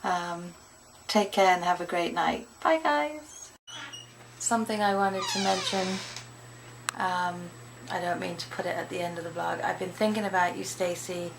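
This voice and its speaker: A British woman talks into her camera at home at the end of a tiring day, rambling casually and chatting to her dogs. Her voice is low and gravelly. The home camera audio carries a clear hiss of background noise. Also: level tone, normal speed. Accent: British English. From Britain. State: tired. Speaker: vlogger. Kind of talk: casual video diary. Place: home indoors.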